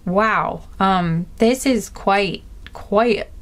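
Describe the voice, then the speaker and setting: A woman reading tarot cards to camera in a casual, rambling way, excitable and full of filler words. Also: medium pitch, extremely slow. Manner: chatty and rambling, with many "like" fillers; excitable, easily amazed. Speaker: tarot card reader and channeler.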